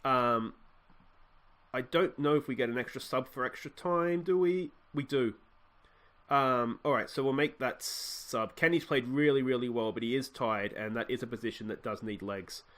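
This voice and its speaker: A young Australian man hosting a let's play, thinking aloud and getting excited as he commentates a football management game. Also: mid-range voice, moderate pace. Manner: excitable, thinking aloud while clicking through a match.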